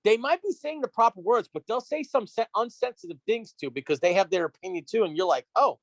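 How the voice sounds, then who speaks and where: A man telling a story on a casual podcast, animated and profane, acting out the dialogue. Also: high voice, fast, dry recording. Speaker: guest.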